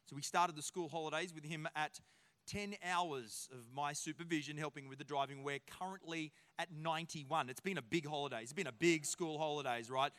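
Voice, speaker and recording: A man in his forties with an Australian accent, preaching a sermon as a pastor in a lively, joking storytelling way. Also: a little high, brisk, long reverb tail.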